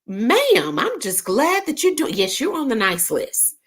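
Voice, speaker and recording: A woman's voice: sits high, wildly swooping pitch, measured pace, hardly any pauses, husky. A woman hosting a casual online gathering, reading viewer comments in a playful, teasing way. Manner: playful, teasing, lots of laughs and sighs. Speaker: host of a live online gathering.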